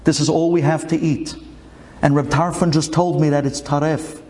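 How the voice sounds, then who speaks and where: A man's voice: a little high, flat delivery, normal speed, dark tone, natural voice. A man voicing a poor five-year-old girl who speaks plaintively. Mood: distressed.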